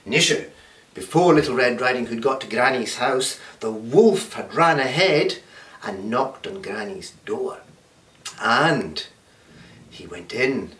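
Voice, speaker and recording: A man's voice: medium pitch, slow pace. A man teaching a storytelling workshop, often checking in with the class. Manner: animated, checks in with "okay?". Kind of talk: storytelling lesson. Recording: roomy, distant mic.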